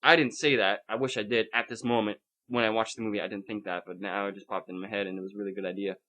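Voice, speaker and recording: Speaking quickly in a fairly low voice, a podcast host rants in casual chat about an evening at the movies. He swears freely and tells the story with animation.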